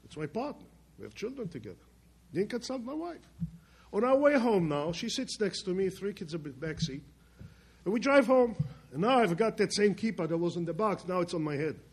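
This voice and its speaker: Husky man telling a story with emphasis. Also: big pitch swings, fairly quick. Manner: emphatic, swings between loud bursts and quiet low passages; plainspoken, with restarts and loose grammar. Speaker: speaker telling his life story. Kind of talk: personal storytelling talk.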